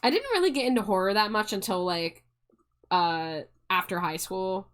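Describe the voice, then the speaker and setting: A woman's voice: mid-range voice, animated, moderate pace, fairly bright tone, clear, resonant tone. Giggly, chatty young woman streamer. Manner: chatty, giggly, restarts phrases often. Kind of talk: casual live-stream chat.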